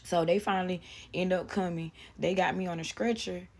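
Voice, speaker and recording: A woman's voice: on the low side, steady tone, brisk, gravelly. A young woman casually telling a personal story, rambling and profane, acting out the quotes in raised voices.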